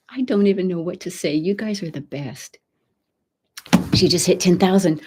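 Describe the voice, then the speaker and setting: A woman with a Texan accent hosting a live ASMR stream, chatting softly and slipping in and out of a whisper. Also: on the low side, normal speed, long pauses, husky. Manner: soft-spoken, drifts between whisper and voice. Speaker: ASMR channel host.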